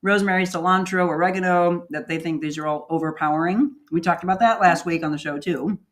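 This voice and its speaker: A woman's voice: lowish voice, fast. A woman hosting a casual wine-tasting show, chatty and laughing often. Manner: chatty, laughs often, talks with food in her mouth. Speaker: show host. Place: new studio, sitting on the floor.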